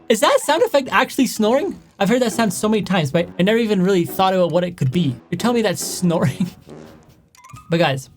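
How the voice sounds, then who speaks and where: A young man making a casual reaction vlog, chatty and animated, often calling his viewers "guys.". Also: high voice, quick pace, soft background music. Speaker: YouTuber reacting to sound clips.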